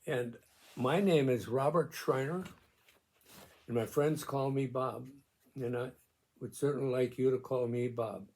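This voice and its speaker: A man in his nineties talks straight to the camera at a slow, unhurried pace. His voice is gravelly and his delivery gentle and halting, full of pauses. He reads his own words softly and carefully. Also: medium pitch, fairly even intonation. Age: 90s. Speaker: video host on memory loss and caregiving. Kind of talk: slow personal reflection to camera.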